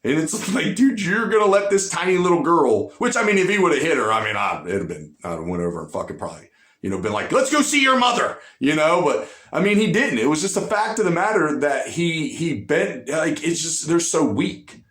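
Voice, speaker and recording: A man's voice: a little high, sing-song, fairly quick, a bit bright, reverberant. A man giving blunt, profane political commentary, ranting with emphasis and repeating lines for punch.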